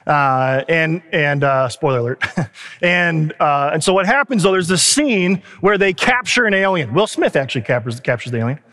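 A man's voice: fairly high pitch, normal speed. Man preaching in an echoing hall. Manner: animated storytelling with asides and laughs. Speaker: pastor. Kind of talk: sermon.

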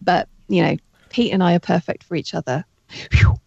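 A woman getting over a heavy cold, talking as a guest in a casual interview over a remote call, chatty and excitable and laughing often. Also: lowish voice, normal speed, vocal fry, slightly rough, no echo, highs cut off. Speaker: guest, author and audiobook narrator.

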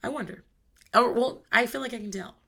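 A woman's voice: a little high, a little fast, vocal fry, bright, forceful tone. A mother in her thirties talking candidly about parenting, blunt and emphatic, swearing freely. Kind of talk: casual monologue.

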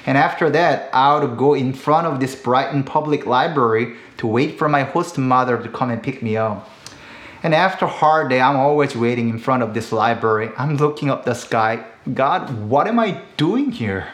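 A Korean pastor in his thirties preaches a sermon in Korean-accented English, in an echoey room. His medium-pitched, slightly bright voice is earnest, slow and deliberate, with emphatic rises.

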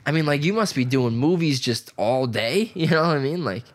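A man's voice: on the high side, lively intonation, fairly quick. A man in his twenties chatting casually, rambling with lots of filler words and swearing. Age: 20s. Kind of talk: casual chat.

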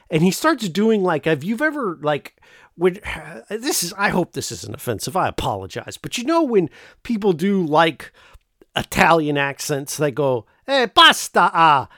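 A man's voice: on the high side, dry recording, clean studio sound. A man casually retelling a film plot, rambling and joking with lots of fillers. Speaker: podcast host recapping a film. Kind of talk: casual chat.

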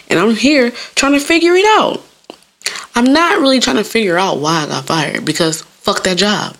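A young woman hosting a podcast, telling stories in a casual, profane, animated way and laughing often. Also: fairly low pitch, husky. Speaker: podcast host. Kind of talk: casual comedic monologue.

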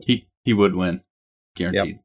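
A man's voice: sits low, moderate pace. A man co-hosting a casual chat, tossing out blunt, teasing one-liners. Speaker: podcast co-host.

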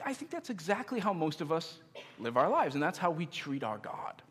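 A man's voice: on the high side, sing-song, normal speed, breathy edge. A man in his thirties preaching a sermon in a casual, conversational way, with self-deprecating humor. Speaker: pastor. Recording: long hall reverb.

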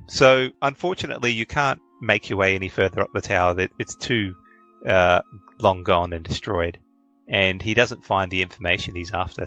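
A man running a tabletop game as game master, narrating hesitantly with lots of fillers. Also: low voice. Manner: hesitant, many fillers, animated intonation.

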